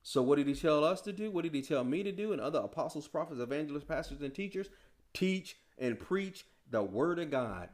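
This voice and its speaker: A man's voice: on the high side, animated, brisk, a little mellow. A man preaching a sermon in a casual, slangy style, full of rhetorical questions.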